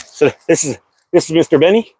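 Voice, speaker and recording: A man's brisk, mellow voice, a little high, comes through slight background noise as he hosts a relaxed slingshot live stream from home. He's the channel's host, wandering from point to point with plenty of "uh" fillers.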